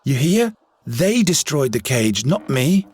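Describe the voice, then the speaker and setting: An actor playing an earnest, defensive young outcast in a video game. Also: male voice, mid-range voice, very animated, slow, a little mellow, slightly rough, dry recording, heavily acted. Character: earnest young male outcast, stubborn dreamer.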